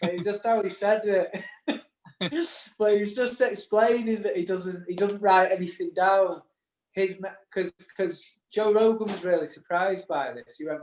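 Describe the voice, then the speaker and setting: A man's voice: high-pitched, fairly even intonation, normal speed, a little mellow. A man co-hosting a casual podcast chat, rambling through stories with frequent laughs and restarts. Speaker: podcast co-host. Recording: echoey room.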